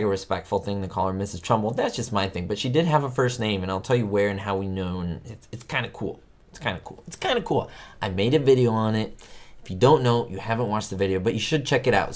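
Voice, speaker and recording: A man hosting a trivia livestream, his pitch leaping up and down as he rambles excitedly through sitcom facts. He talks straight to his viewers in a loose, chatty way over a streaming mic. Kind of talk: casual livestream chat.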